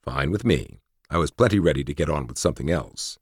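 A man's voice: very deep voice, big pitch swings, a little fast, slightly rough, dry recording. A man narrating a first-person audiobook with a dry, wry storytelling manner.

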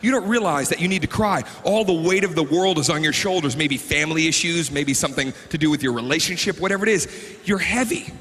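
Male stand-up comedian, high and lively voice, live stage in a big reverberant hall. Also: fast. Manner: animated, acts out characters and sobs for laughs. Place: stage before a live audience.

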